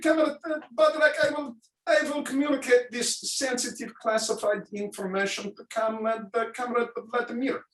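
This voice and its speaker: A man doing a hammy mock-Russian impression of a stern Soviet official, half shouting. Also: very high voice, steady tone, normal speed, pitched above the performer's own voice. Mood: conspiratorial. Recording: roomy, from a distance.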